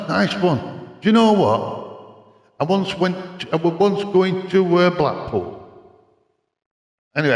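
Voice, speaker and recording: A man's voice: mid-range voice, reverberant, long reverb tail. An older man, chatting casually on a live gaming stream, rambling into stories and answering his chat. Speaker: livestreamer. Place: home racing-sim rig room.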